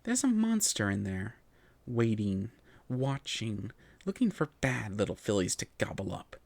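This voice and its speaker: A cold, stern pony mother played by a man in a storybook reading. She speaks slowly and quietly, with a menacing edge. The sound is dry, with no room around it. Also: fairly low pitch, big pitch swings, vocal fry, no room sound, full character voice. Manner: slow, hushed and menacing.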